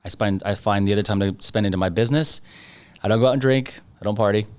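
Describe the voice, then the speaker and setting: A man's voice: on the low side, quick pace, a little mellow, clear, resonant tone. A man as a podcast guest, talking about his real estate work in a confident, emphatic way, hammering home points with short repeated lines. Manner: emphatic, confident, punchy repetition. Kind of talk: conversational interview.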